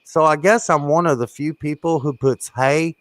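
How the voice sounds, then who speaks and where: A man's voice: on the high side, normal speed, fairly bright tone, dry recording. A man from Kentucky and Florida hosting a casual live stream chat, laughing often and telling stories with animation. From born in Kentucky, raised in Florida. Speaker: host.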